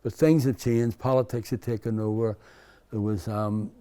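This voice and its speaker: Older Belfast man, low mellow voice. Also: fairly even intonation, normal speed. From Belfast, Northern Ireland. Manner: rambling, frequent restarts and "you know". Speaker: interview guest. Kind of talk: candid storytelling conversation.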